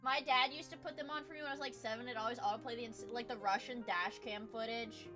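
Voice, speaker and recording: A young adult woman streamer chatting casually while reacting to videos, playful and loud, swearing and often shouting. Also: fairly high pitch, steady tone, quick pace, over music.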